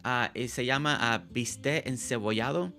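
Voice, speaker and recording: A man's voice: medium pitch, brisk, sharp tone, soft background music. A man from Puerto Rico hosting a casual game stream, chatting in a rambling way with lots of fillers. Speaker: streamer host.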